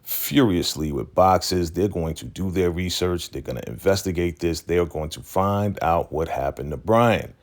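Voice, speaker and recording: Deep gravelly man animatedly recapping a show. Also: moderate pace, few pauses. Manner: animated, acts out the characters. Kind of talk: casual TV episode recap.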